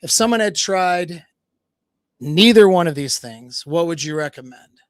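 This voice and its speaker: A man playing a nonchalant, deadpan flirt. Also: fairly high pitch, a little slow, no room sound, clean studio sound.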